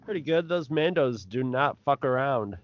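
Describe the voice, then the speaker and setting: A man co-hosting a podcast, chatting casually and rambling, with halting restarts. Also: medium pitch, animated, dry recording, highs cut off. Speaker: podcast co-host. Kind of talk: casual chat.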